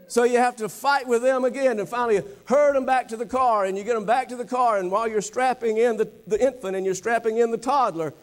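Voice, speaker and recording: A man preaching a sermon, with a dramatic delivery that swings from animated to hushed and low. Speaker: pastor. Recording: long hall reverb.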